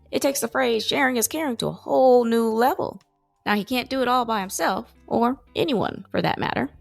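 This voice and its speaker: A woman's voice: a little high, gravelly. A woman hosting a podcast interview, upbeat and affirming, closing the episode with a prepared outro. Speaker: podcast host.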